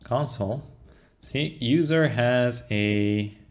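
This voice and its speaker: A man's voice: medium pitch, slow. A young man explaining code in a casual walkthrough, thinking aloud and often checking in with "right?". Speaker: coding tutorial instructor. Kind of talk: casual screen-share coding walkthrough.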